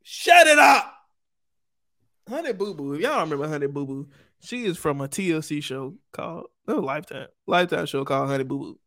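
A young man in his twenties with a Southern US accent, co-hosting a podcast in joking, animated casual chat. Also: fairly high pitch, fast talker. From Jackson, Mississippi, US. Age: 20s. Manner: joking, animated, breaks into laughter and impressions. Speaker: podcast co-host.

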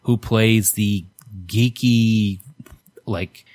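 A man's voice: on the low side, fairly even intonation, drawn-out words, darkish tone, no echo. A man in casual chat, recapping a film's plot with plenty of ums and laughs. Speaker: podcast co-host. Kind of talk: casual movie discussion.

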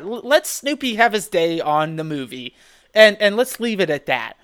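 Man, podcast co-host, casual rant, rambling, clear resonant voice. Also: high-pitched, normal speed. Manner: rambling, animated, lots of "dude" and restarts. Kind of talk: casual chat.

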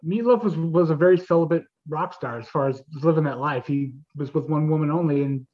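A man's voice: on the high side, brisk, highs cut off. A man in his fifties telling stories in a casual chat, laughing through his anecdotes and acting out other people's voices. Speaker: convention-going guest telling stories.

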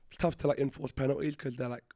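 Brief: quick male co-host, mellow tone, dry close mic. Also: mid-range voice, no room sound. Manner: animated, swears often, slangy. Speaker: podcast co-host. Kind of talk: casual chat.

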